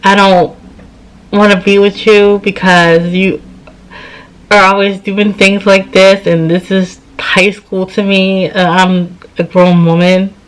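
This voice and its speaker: A woman's voice: medium pitch, flat delivery, slow pace, clean tone, low-quality recording. A tired woman in her thirties telling a personal story to camera in a chatty way, acting out both sides of old conversations. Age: 30s. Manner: chatty, retells scenes with quoted dialogue. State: tired, yawning. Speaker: vlogger. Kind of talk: casual storytime.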